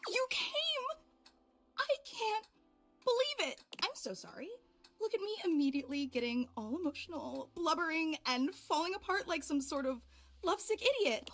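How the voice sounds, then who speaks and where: A woman voicing a clingy, overemotional female fan in a game, gushing and tearful. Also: extremely high pitch. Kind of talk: game voice acting.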